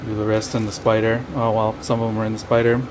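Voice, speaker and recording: A man's voice: lowish voice, completely flat delivery, fast talker, a little hiss or hum. A man casually vlogging his home brew day, rambling and playful, thinking aloud with many fillers. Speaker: homebrewing vlogger. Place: home brewery in Denmark during a heat wave.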